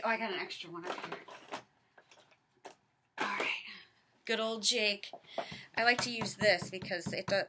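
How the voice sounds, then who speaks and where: A Southern American woman with a mid-range voice and vocal fry gives a chatty, casual craft tutorial from her home office against a noisy background. The craft vlogger narrates every step, tossing in self-deprecating asides.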